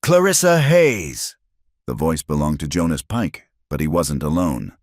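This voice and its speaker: Very deep-voiced male storyteller. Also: normal speed, dark tone, dry recording, studio quality. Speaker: narrator. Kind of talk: scripted storybook narration.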